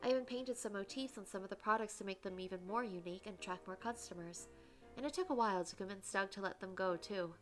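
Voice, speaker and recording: A woman reads a romance game aloud in the heroine's voice, stopping now and then to gush and chat about it. Her tone is bright and forward, with faint music playing under her voice. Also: mid-range voice, fast talker. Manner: gushing, giggly asides between narration. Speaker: let's play streamer reading a dating game aloud. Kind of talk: reading game dialogue aloud with her own comments.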